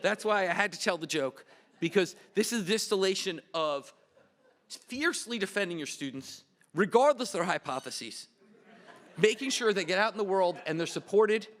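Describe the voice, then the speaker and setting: A man speaking at a memorial event as host, with a high, bright voice. He tells a long anecdote with light humor before introducing the panel. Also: lively intonation, normal speed. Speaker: department representative and panel host. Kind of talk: memorial speech.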